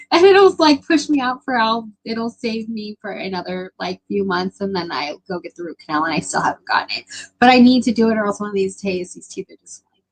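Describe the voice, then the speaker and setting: A woman's voice: on the high side, a bit bright, slightly rough, low-quality recording. A young adult woman chatting casually with her live stream viewers, rambling with lots of filler words.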